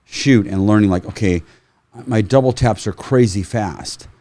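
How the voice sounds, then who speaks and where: A middle-aged man, a firearms trainer, telling stories in a casual, animated way, swearing freely and acting out quotes. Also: lowish voice, unhurried. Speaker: firearms trainer, podcast guest. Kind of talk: casual storytelling.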